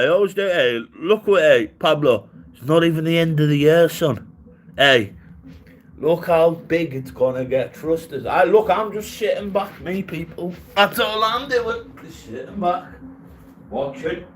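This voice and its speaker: A man's voice: fairly high pitch, a little hiss or hum, low-quality recording. A man ranting on a casual livestream, rambling, mocking and swearing, often breaking into laughter.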